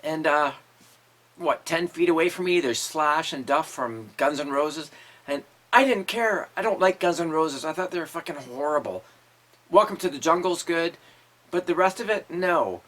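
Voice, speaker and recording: A man's voice: fairly high pitch, lively intonation, normal speed, a bit bright. A man in his fifties, a musician hosting his own show, telling crude, profanity-laced stories with frequent laughter. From Canada. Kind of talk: casual storytelling monologue.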